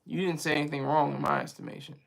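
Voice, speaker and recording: A man with a somewhat high, gravelly voice hosts a casual livestream and talks straight to his viewers. He rambles in a chatty way and is quick to laugh. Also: steady tone, a bit bright. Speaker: livestream host reading viewer chat.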